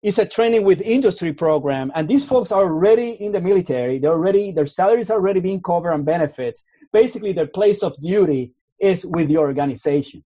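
With a high-pitched, warm voice, the Canadian man talks fast and animatedly, and there is no room sound. He's an army officer guesting on a casual interview, earnest in tone and repeatedly restarting his words.

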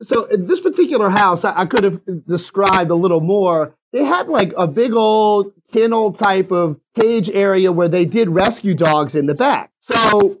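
A man's voice: high voice, animated, normal speed, hardly any pauses, noisy background. A man with a South Louisiana accent, a realtor telling a story in a casual interview, acting out the phone calls as he goes.

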